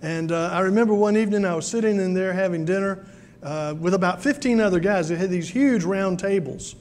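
A man's voice: high voice, a little fast, a little mellow, in a large hall. A man from South Carolina, preaching a sermon in a folksy storytelling way with many fillers. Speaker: pastor.

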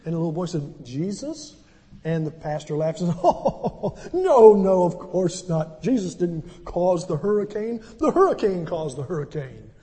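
A man's voice: fairly high pitch, animated, normal speed, mellow, big-room sound. An older man, a pastor, preaching a sermon and telling stories with conversational asides. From southern United States. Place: church sanctuary.

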